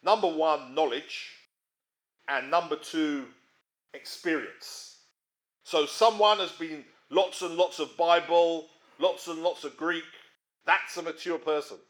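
A man preaching a sermon in a conversational way, often checking in with his listeners and swinging between emphatic rises and quiet drops. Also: on the high side, slow. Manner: conversational, frequent tag questions.

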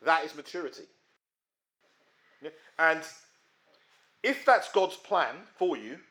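A man preaching a sermon in a conversational way, often checking in with his listeners and swinging between emphatic rises and quiet drops. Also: on the high side. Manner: conversational, frequent tag questions.

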